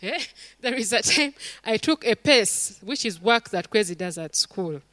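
A woman's voice: mid-range voice, measured pace, no echo. A middle-aged woman, preaching a sermon to a congregation and acting out stories and quotes. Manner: animated storytelling, acts out quotes, calls to the congregation.

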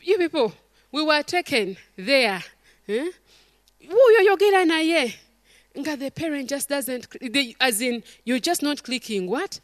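A middle-aged woman preaches to a congregation, telling stories with lively acted-out quotes and direct calls to her listeners. Her voice sits fairly high, and the recording is close and dry. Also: moderate pace, no room sound. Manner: animated storytelling, acts out quotes, calls to the congregation. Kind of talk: sermon.

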